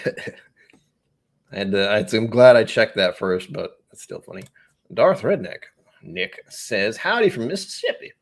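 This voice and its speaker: A man's voice: fairly low pitch, slow pace, long pauses, a little hiss or hum. A man with a New England accent hosting a whiskey live stream, chatting, easily distracted and joking at his own expense. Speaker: whiskey channel host.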